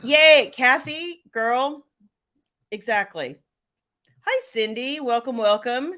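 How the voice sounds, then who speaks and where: Middle-aged woman, livestream host, casual and chatty, slightly high voice. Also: lively intonation, slow pace, fairly bright tone. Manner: chatty, laughs often, greets viewers by name. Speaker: author and live show host.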